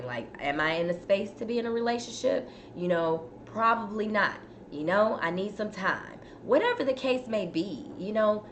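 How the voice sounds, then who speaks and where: A woman hosting a casual live chat, talking straight to her viewers and fighting a cough from a dry throat. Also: mid-range voice. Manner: chatty, addresses viewers as "y'all". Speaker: host. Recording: faint background noise.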